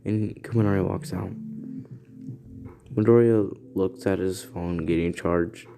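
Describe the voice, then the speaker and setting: A man casually narrating an improvised fan story, halting and restarting often. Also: low voice, steady tone, gravelly, music in the background.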